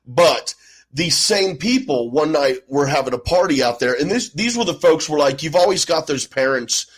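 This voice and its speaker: A man's voice: on the high side, expressive, moderate pace, breathy edge, low-quality recording. A man from the Midwestern US telling a rambling, profane story in a laid-back way as a podcast co-host. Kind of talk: casual chat.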